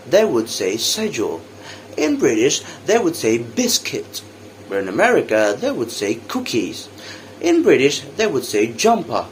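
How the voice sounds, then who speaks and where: With a mid-range voice and an Indonesian accent, a young man practices teaching English as a student teacher, saying example words slowly for students to drill. A little hiss or hum is audible.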